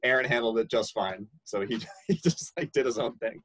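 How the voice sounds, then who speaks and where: A man's voice: mid-range voice, moderate pace, husky, no echo, low-quality recording. Young guy telling a camp story, chill, lots of likes and ums, dry close sound. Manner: animated, laughing, acts out quoted voices. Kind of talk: casual storytelling.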